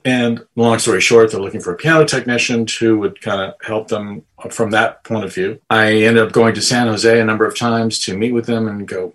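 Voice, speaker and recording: A man's voice: fairly low pitch, steady tone, moderate pace, poor audio. A man in his forties from Texas, a guest telling stories in a casual interview, playful and self-deprecating. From Amarillo, Texas. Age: 40s.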